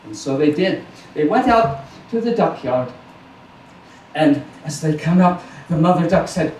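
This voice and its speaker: Guy telling a story live at a house concert, lively ups and downs, echoey and a bit far off. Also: a little high, a little slow, long pauses, slight background noise. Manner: warm, playful, chatty asides. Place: small house concert venue. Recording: roomy live recording from a distance.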